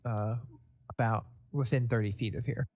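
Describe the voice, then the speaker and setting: A man running a tabletop game as game master over voice chat, rambling and hesitant, with many pauses and fillers. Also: medium pitch, fairly even intonation, gravelly, dull audio. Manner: rambling, hesitant, full of ums. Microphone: home microphone with a sound gate.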